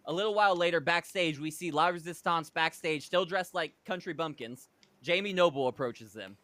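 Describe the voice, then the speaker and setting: A man with a high, bright voice narrates an invented wrestling show on a podcast, loose and casual. He is recorded close on a dry mic with no room sound. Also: a little fast, no room sound. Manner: casual, laughs at his own jokes. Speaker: podcast host.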